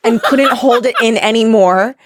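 A woman hosting a casual podcast chat, animated and laughing as she acts out quotes. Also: fairly high pitch, moderate pace, noisy background. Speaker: podcast host.

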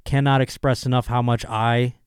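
Male podcast host, hoarse, rambling and profane, dry close mic. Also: medium pitch, little pitch movement, normal speed, no echo. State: hoarse, voice still recovering. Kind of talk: casual solo podcast monologue.

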